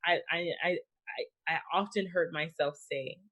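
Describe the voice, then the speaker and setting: A woman's voice: on the low side, measured pace, a bit bright. A woman hosting a conversational interview, speaking in a heartfelt way with lots of filler "likes". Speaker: podcast host.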